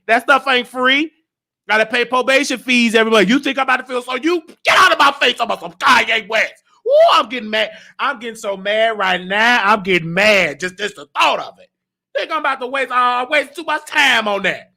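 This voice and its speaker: High-voiced, gravelly, fired-up male host. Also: normal speed. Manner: animated, fired-up, at times shouting and near tears. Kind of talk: emotional live talk-show rant.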